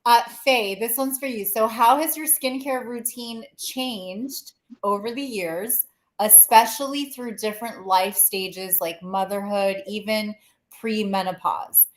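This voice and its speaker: A woman co-host reading interview questions in a measured, slightly hesitant way. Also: medium pitch, fairly even intonation, reverberant.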